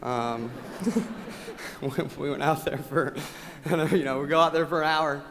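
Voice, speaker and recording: A man giving a motivational award speech at a company rally, his delivery swinging from loud rallying calls to quiet thanks. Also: a little high, measured pace, background noise. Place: large event hall. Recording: long hall reverb.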